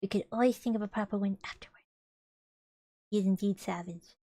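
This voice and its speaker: A woman's voice: mid-range voice, fairly even intonation, fairly quick, mellow, no echo. A woman streamer reading a children's book aloud with chatty, playful asides to her viewers. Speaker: vtuber streamer.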